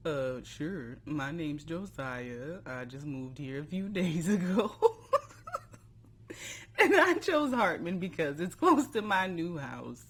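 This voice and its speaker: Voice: mid-range voice, big pitch swings, unhurried, hardly any pauses, fairly bright tone, slightly rough. A YouTuber casually reading their own old story aloud and mocking it, laughing often and breaking off mid-line. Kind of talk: casual commentary on a story game.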